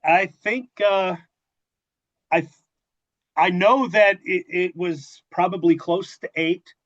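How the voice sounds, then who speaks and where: A man hosting a casual interview, asking questions in a halting way with frequent fillers. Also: sits high, fairly bright tone, no echo, highs cut off. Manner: halting, many fillers and restarts. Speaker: podcast host.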